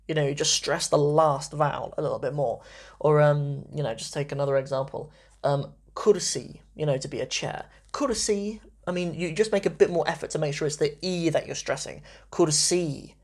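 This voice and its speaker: A relaxed language teacher talks through grammar in a loose, conversational way, checking in with "right?" again and again. The voice has a gravelly edge and a husky grain. The pitch sits in the middle. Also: fairly quick. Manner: chatty, many fillers and "right?" tags. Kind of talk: casual spoken grammar lesson.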